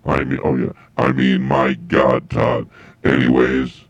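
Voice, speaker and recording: A man doing a deep gravelly door guy. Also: no echo, heavily acted. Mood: deadpan. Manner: slow deadpan reading of a letter. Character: gruff man, comedy club door guy. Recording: dull lo-fi sound.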